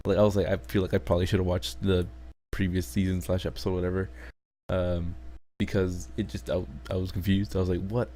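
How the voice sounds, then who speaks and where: A man's voice: sits low, flat delivery, fairly quick, dark tone, slight background noise. A man hosting a casual anime review, rambling, swearing heavily and laughing in disbelief. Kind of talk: casual chat.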